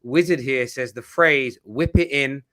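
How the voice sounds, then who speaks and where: A man hosts a casual livestream chat, talking in quick restarts and repeated words. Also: mid-range voice. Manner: animated, stammering restarts. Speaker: host.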